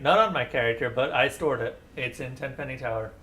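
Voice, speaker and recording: A man's voice: mid-range voice, a little fast, pushed and bright, a little hiss or hum. A young man streaming a game, chatting casually with rambling asides and sarcastic talk-back to the characters. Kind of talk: casual live-stream chat over gameplay.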